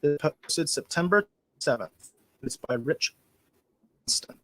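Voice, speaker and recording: A man hosting a casual podcast chat, animated and opinionated, with big swings in loudness. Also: on the high side, slow. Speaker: podcast host.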